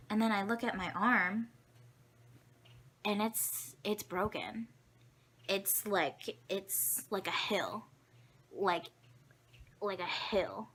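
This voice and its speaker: A woman's voice: mid-range voice, pushed and bright. A young woman telling childhood stories to camera in a chatty, rambling, self-mocking way. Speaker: vlogger. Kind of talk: casual storytelling to camera.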